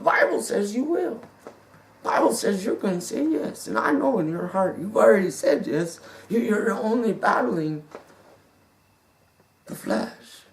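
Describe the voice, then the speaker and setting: Slow, halting man in a roomy space. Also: high-pitched, creaky. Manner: halting, repeats words, earnest and devout. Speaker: speaker telling his story. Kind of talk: personal testimony monologue. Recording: roomy sound from a distant mic.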